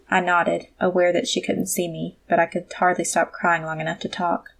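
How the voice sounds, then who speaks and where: Gravelly low-voiced woman narrating. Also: flat delivery, moderate pace, hardly any pauses. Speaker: audiobook narrator. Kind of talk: first-person audiobook narration.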